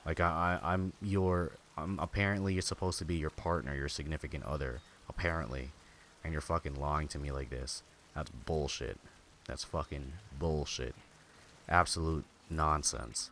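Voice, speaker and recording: A man's voice: extremely low pitch, fairly even intonation, normal speed, fairly bright tone, a little hiss or hum. A man streaming a game, venting in rambling casual chat full of filler words and swearing. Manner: venting, bitter. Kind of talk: casual chat while gaming.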